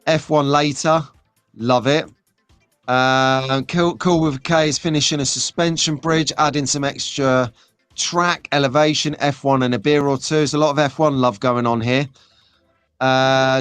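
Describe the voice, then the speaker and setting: A man's voice: medium pitch, a bit bright, smooth, no echo. A man hosting a live stream, chatting in a rambling, jokey way while reading out viewer comments. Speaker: host.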